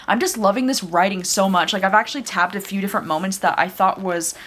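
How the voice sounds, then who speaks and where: A woman's voice: medium pitch, quick pace, fairly bright tone. A woman talking casually in a reading vlog, chatty and gushing, with many fillers. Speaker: book vlogger.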